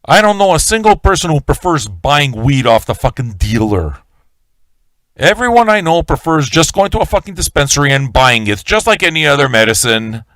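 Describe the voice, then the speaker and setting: A man's voice: a little high, sing-song, moderate pace, a bit bright, no room sound. A man hosting a live-stream radio show, ranting in a swaggering, profane way and talking straight to his viewers. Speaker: livestream radio host.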